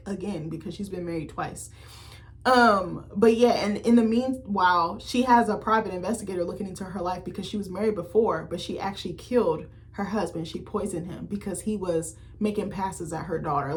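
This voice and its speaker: Animated, slangy young woman vlogger. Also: medium pitch. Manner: animated, slangy, swears freely; rambling, self-interrupting. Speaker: YouTuber reviewing a TV series. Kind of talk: casual chat.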